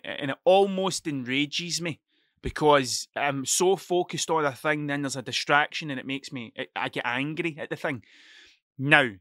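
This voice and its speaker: This Scottish podcast host talks from his home computer desk in a casual monologue, swearing freely and rambling through lively stories. His voice is on the high side, with clean studio sound and no echo.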